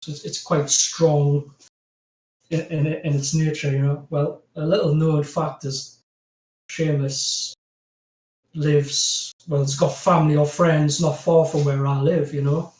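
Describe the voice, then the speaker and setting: Geordie guy on a podcast, kinda high voice, rambles with loads of "you know", echoey room, sits back from the mic. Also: flat delivery, slow, a little mellow. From North East England. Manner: rambling, laughs often, many "you know" fillers. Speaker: podcast guest, graphic designer. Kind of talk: casual chat. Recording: roomy, distant from mic.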